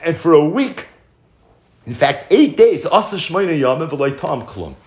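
A man teaching a Torah story as a lively storyteller who acts out the quotes. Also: on the high side, unhurried. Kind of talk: storytelling lesson. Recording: echoey room.

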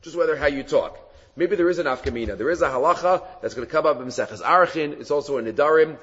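A man giving a Talmud class lecture, animated and often halting to restart his phrases. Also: fairly high pitch, slightly rough. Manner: animated, acts out quoted rabbis in a raised voice; halting, with many fillers and restarts. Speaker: Talmud teacher. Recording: reverberant hall, dull lo-fi sound.

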